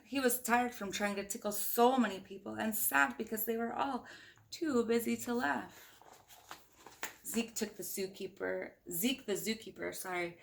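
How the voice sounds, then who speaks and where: A woman's voice: on the high side, creaky. Playful woman reading a storybook aloud. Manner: playful, chatty, talks to listeners. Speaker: storybook reader. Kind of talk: children's read-aloud with chatty asides.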